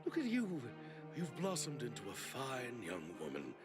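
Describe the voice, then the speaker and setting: A man's voice: medium pitch, huge pitch swings, normal speed. An actor voicing a kindly, dignified older caretaker in a video game, speaking in a courteous, fatherly way. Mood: warm. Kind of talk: game voice acting. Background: game music.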